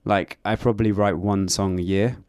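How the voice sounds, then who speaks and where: Low smooth-voiced man, hesitant. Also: fairly even intonation, normal speed, darkish tone, no room sound, clean studio sound. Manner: hesitant, searching for words with many fillers. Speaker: band member. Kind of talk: casual interview answers.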